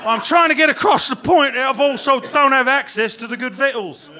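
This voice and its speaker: A man's voice: very high voice, brisk, pushed and bright. A man from Canada doing a rambling, sweary, self-mocking live stand-up set on a comedy club stage, recorded on a handheld mic.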